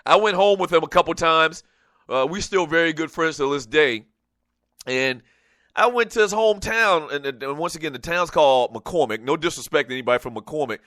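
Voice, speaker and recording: Chatty talk radio host, bright voice. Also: male voice, on the high side, brisk, dry recording, studio quality. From Lowcountry South Carolina. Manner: rambling, chatty, laughs often. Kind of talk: casual talk radio monologue.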